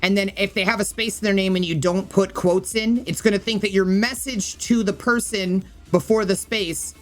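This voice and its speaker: A woman's voice: mid-range voice, steady tone, normal speed, faint music behind. A woman streamer walking viewers through game settings in a rambling, casual way, often thinking aloud with fillers. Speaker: gaming streamer and YouTuber.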